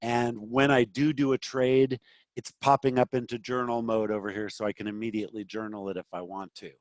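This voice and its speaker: Fast-talking man teaching trading live. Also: medium pitch, flat delivery, dry recording. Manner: fast, loose explaining with many fillers and restarts. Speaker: trading educator. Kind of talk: live screen-share trading lesson.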